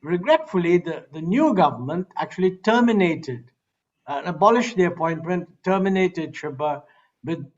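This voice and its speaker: A man with an Indian English accent answering a criticism on a panel, measured with frequent hesitations. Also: high voice, animated, dull audio. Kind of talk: panel discussion.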